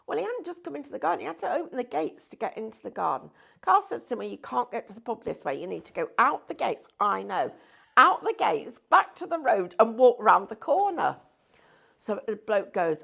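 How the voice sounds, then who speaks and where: A woman's voice: medium pitch, normal speed, gravelly, slightly rough. A woman, presenting on a shopping channel and telling a funny story in casual chat. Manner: animated, laughs through the story.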